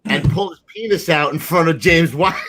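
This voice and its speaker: A man hosting a podcast, telling a party story in lively casual chat, often laughing. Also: fairly high pitch, moderate pace, husky. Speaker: podcast host, retired firefighter. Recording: noisy podcast audio.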